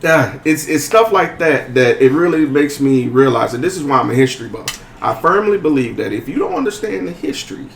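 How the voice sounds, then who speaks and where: A man hosting a podcast discussion in a relaxed, conversational way with frequent fillers. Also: mid-range voice, fairly quick, gravelly, hardly any pauses. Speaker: podcast host. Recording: echoey room with faint noise.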